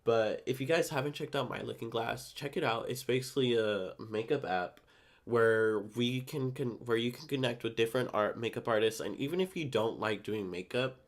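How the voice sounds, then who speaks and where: A man's voice: mid-range voice, moderate pace. A young man chatting casually to his viewers, retelling a story with lots of quoted back-and-forth. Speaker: YouTuber. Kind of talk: casual get-ready-with-me chat. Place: San Diego.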